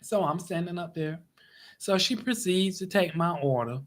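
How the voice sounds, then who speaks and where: Man animatedly telling a story. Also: normal speed. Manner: animated, exasperated retelling with big pitch swings. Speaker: vlogger. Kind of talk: casual storytelling.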